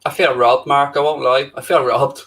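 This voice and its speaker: A man's voice: mid-range voice, fairly even intonation, normal speed, a bit bright. An Irish man co-hosting a live football watchalong, making dry, sarcastic remarks in casual chat.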